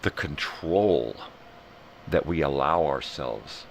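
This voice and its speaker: A man hosting a live morning show, ranting in a rambling, profane, animated way. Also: a bass voice, slow, creaky, slight background noise. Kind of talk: casual rant.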